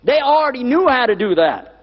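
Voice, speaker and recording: High-voiced male preacher in an echoing hall. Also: big pitch swings, fairly quick. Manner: emphatic, repeats key words, asks the audience questions. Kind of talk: lecture on scripture to a live audience. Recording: dull lo-fi recording with long hall reverb.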